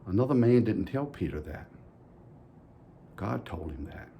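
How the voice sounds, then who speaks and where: Folksy man for a children's church talk; unhurried, lively pitch, playful questions. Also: a little hiss or hum. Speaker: church children's message leader. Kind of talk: children's sermon.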